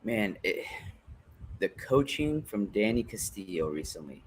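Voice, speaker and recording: A man's voice: lowish voice, unhurried, a little hiss or hum. Chatty man swapping fight stories. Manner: excited storytelling, fillers like dude and man. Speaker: co-host. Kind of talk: casual fight-recap chat.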